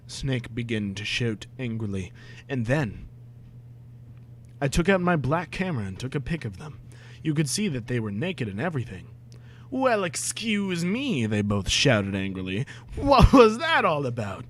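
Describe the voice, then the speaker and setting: A young man reading a badly written story aloud, breaking off for sarcastic, exasperated asides and shouted outbursts. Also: mid-range voice, a little hiss or hum. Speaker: comedic reader. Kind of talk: dramatic reading with mocking commentary.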